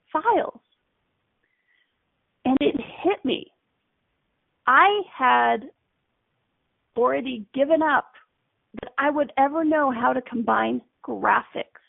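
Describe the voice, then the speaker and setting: A woman's voice: sits high, gravelly, breathy edge, no room sound. A woman radio host telling a story in a casual monologue, chatty, acting out her own panicked thoughts. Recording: dry, tinny phone-line sound.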